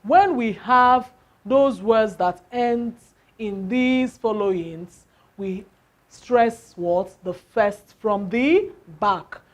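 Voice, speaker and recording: A woman's voice: fairly high pitch, very slow. A woman teaching English word stress, asking the class questions and answering them herself, counting syllables aloud.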